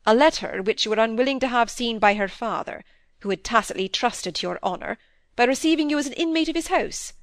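A woman's voice: a little high, animated, brisk, dry recording. A woman reading aloud as a dry-witted, stern middle-aged male country doctor in a storybook. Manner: wry, then sternly lecturing.

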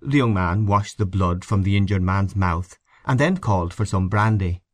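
A man giving a measured, expressive reading of a short story as its narrator. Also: sits low, no echo. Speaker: audiobook narrator.

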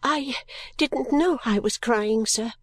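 A woman voicing a timid young girl who answers hesitantly and stammers in a storybook reading, in a raised, breathy voice. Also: sits high, expressive, slow pace, no echo, pitched above the performer's own voice, full character voice.

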